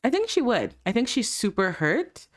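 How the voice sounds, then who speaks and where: A woman's voice: on the high side, big pitch swings, normal speed. A woman hosting a casual let's play, chatting and giggling as she plays and voices her characters' lines. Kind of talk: casual gameplay commentary.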